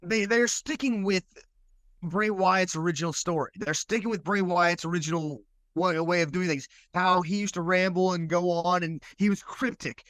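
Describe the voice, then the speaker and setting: A man with a high voice co-hosts a casual podcast, rambling and hesitant, often restarting his sentences. The sound is dry and close. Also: normal speed, a bit bright, clean tone, no echo. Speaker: podcast co-host. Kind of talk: casual discussion.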